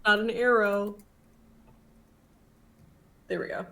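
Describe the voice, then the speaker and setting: A woman's voice: medium pitch, huge pitch swings, slow, fairly bright tone. A woman playing a tabletop game online, chatty and giggly. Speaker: player. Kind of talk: casual tabletop play.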